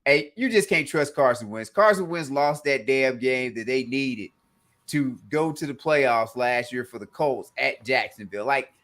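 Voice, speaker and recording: A man co-hosting a casual sports talk show, blunt and animated, swearing casually as he makes his picks. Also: mid-range voice, unhurried, slight background noise. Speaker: co-host.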